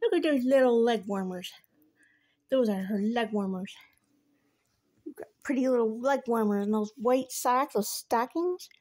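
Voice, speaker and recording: A woman's voice: a little high, a little slow, long pauses, warm tone. A young woman filming her cat and cooing to it in doting baby talk, repeating words and spelling them out.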